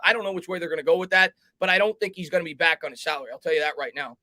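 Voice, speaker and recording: A man's voice: on the high side, very fast, hardly any pauses, sharp tone, no echo. A young man hosting a live fan sports talk stream, ranting emphatically and reading chat.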